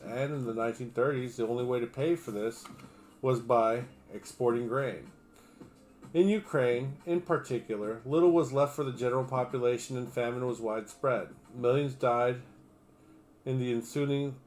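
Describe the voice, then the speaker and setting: A man's voice: mid-range voice, darkish tone. A man on a livestream reading an article aloud, stumbling over names and breaking off for crude, sarcastic remarks. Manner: reads steadily, breaks off for crude, sarcastic asides.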